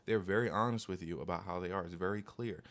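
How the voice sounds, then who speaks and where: In this casual monologue, a young man offers dating advice at a fast clip, leaning on "like" and "okay?" and putting on silly voices to ridicule those he quotes. His voice sits low, though its tone is fairly bright.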